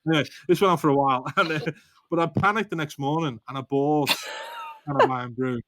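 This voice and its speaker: Scouse bloke on a podcast, laughs a lot, pokes fun at himself, rambles on, dry recording. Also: male voice, on the high side, quick pace, pushed and bright, no echo. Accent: Liverpool Scouse. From Liverpool, England. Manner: rambling, self-deprecating, laughing often. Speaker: guest author. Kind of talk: casual storytelling in a podcast interview.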